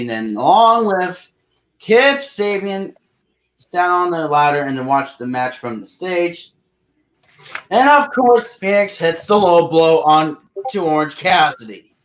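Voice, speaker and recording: A man co-hosting a casual wrestling podcast, recapping matches in a slow, rambling way with sudden loud outbursts. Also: a little high, animated. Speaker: podcast co-host.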